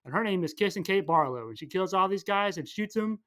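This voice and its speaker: A man's voice: sits high, lively intonation, a bit bright. A young man co-hosting a podcast, rambling through a comedic movie recap and popping into silly character voices. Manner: goofy, acts out characters in quick silly voices. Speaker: podcast co-host.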